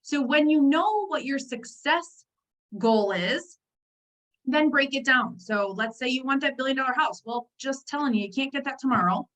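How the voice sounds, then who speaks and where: Chatty high-voiced woman coaching a team. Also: moderate pace, rough recording. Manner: chatty, animated, talks straight to the listeners with frequent asides. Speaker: network marketing team trainer. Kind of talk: motivational team training on a video call. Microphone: video call.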